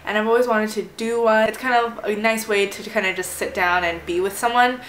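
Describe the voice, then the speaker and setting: A woman's voice: medium pitch, fairly even intonation, fairly quick, a bit bright, echoey room, a little hiss or hum. A young woman chatting casually while doing her makeup, rambling with lots of fillers. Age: young adult. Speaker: beauty vlogger. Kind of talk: casual get-ready-with-me chat.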